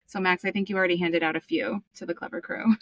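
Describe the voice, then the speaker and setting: A woman co-hosting a podcast speaks fast in a lowish, steady voice, picked up by a distant mic. During the interview chat she effusively affirms her guest and asks him questions.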